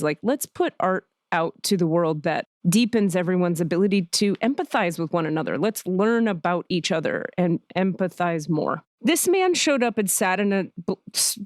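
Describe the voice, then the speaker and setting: A woman's voice: on the low side, no room sound, studio quality. A woman podcast host telling a personal story candidly and with feeling, with many restarts. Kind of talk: casual podcast chat.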